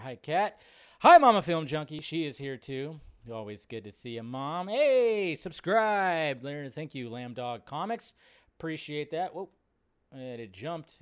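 A man's voice: mid-range voice, smooth. A man hosting a casual livestream, chatting and greeting viewers by name and laughing easily. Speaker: livestream host. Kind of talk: casual live chat reading viewer comments.

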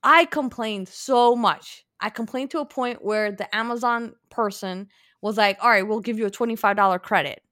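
Animated bright-voiced woman. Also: fairly high pitch, normal speed, dry recording, clean studio sound. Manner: animated, acts out both sides of her story. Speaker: podcast co-host. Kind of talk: casual chat, storytelling.

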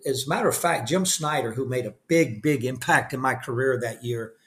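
A man's voice: mid-range voice, fairly quick, fairly bright tone. Older guy on a podcast, average voice, rambling and self-deprecating, lots of uh and restarts. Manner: rambling, with frequent restarts and fillers; acts out the voices of people he quotes. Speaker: podcast guest. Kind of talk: casual interview storytelling.

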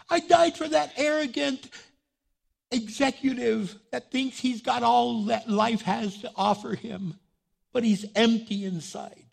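A man's voice: very high voice, creaky, husky, pitched above the performer's own voice, heavily acted. A man voicing God, emphatic and compassionate. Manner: emphatic, loud, slow. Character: God, a compassionate male divine voice.

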